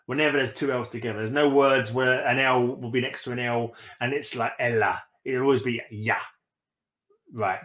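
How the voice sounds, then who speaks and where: A man's voice: mid-range voice, steady tone, normal speed, fairly bright tone. English male reactor. Wry, exasperated commentary. Reverberant room sound. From England. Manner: joking, exasperated asides. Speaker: reaction video host. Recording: roomy echo.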